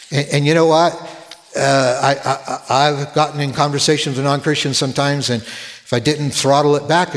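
A male pastor delivers a sermon in a voice that sits at an ordinary, middle pitch for a man. He is earnest and often repeats a word as he starts a phrase. His voice carries a long, ringing reverb from a large hall.

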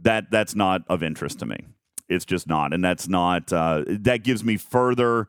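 Low-voiced rambling male stream host. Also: smooth, no echo, studio quality. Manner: rambling, self-mocking, halting restarts. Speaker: host of a live game talk stream. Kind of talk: casual live-stream chat.

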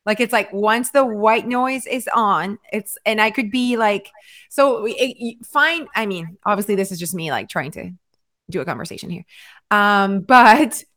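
A woman hosting a casual chat about weight loss and sleep, talking fast with lots of "like". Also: medium pitch, fairly bright tone. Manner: chatty, lots of filler "like". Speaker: host.

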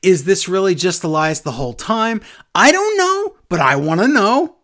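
A man casually recapping wrestling events for a co-host, acting out quotes with big jumps in his voice. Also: moderate pace. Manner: animated storyteller, acts out quotes with big pitch jumps. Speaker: podcast co-host.

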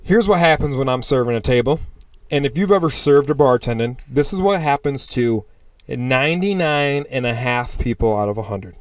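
Man, podcast co-host, casual storytelling, swears a lot, mid-pitched voice, dry close sound. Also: moderate pace, no echo. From United States. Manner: animated storyteller, swears freely, acts out customers. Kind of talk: casual chat.

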